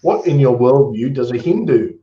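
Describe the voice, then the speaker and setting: A man's voice: mid-range voice, expressive, normal speed, mellow. Australian man in a roomy, dull recording. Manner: rambling, restarts phrases, good-humored. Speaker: host. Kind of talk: casual chat, reading comments aloud.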